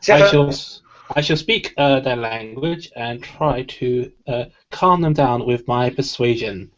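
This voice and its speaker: A man's voice: medium pitch, measured pace. A man playing a tabletop game, speaking hesitantly with many fillers and formal phrasing in character. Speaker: player. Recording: dull lo-fi home recording.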